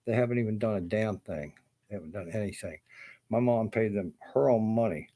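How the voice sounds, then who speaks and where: A fairly low, warm-toned man speaks briskly as he rants to camera about things, being a carpenter. His casual delivery is profane and bitter, rambling with frequent restarts and asides.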